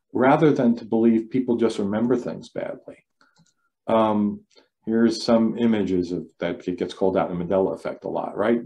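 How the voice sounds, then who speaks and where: Mellow-voiced man giving an online lecture. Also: medium pitch. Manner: loose, repeats words, asks the audience questions. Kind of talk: online talk to a club. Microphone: video call.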